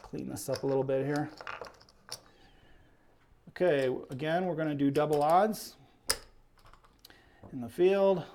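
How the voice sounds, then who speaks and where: A man's voice: on the high side, measured pace, pauses often, darkish tone, a little hiss or hum. A man hosting a casual live stream, chatting and calling the action as he plays, a little out of breath. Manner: chatty, reads viewer names aloud. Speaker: livestream host.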